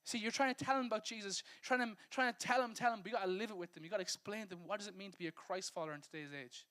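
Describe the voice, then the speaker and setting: An Irish man preaching a lively, conversational sermon as a pastor, joking and acting out little scenes. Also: sits high, rapid-fire. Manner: lively, conversational preaching that acts out quotes and laughs at himself. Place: church service.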